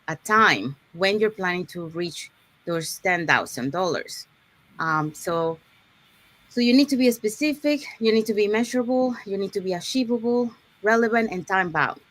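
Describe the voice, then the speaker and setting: A woman's voice: mid-range voice, a bit bright. A woman hosting an online live session, explaining goal setting step by step, with frequent "okay"s and restarts. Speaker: host.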